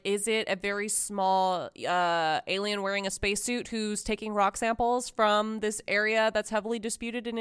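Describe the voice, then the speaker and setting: A woman's voice: mid-range voice, fairly bright tone, smooth, dry recording, clean studio sound. A woman with a Californian accent and a nasal, congested voice from a sinus infection, co-hosting a podcast in casual, chatty talk with frequent swearing. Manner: chatty, swears, giggles often. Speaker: podcast co-host. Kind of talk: casual chat.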